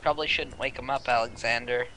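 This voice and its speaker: A man's voice: mid-range voice, fairly even intonation, fast talker, background noise. A man joking casually through a game playthrough, full of quips. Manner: jokey, quips and mock voices. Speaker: let's play co-host.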